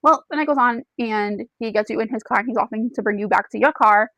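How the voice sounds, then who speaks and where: A woman recaps a book's story, pulling the listener in by calling them "you" and scattering "like" through her talk. Her voice sits a little high, and the sound is close and dry with no room around it. She talks as a book reviewer chatting to her audience. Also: quick pace, fairly bright tone, dry recording, rough recording. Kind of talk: casual plot retelling to camera.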